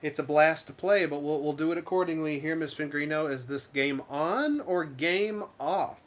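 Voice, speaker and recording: A man co-hosting a casual game review chat, rambling and animated, with frequent restarts. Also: a little high, normal speed. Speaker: co-host of a game review show.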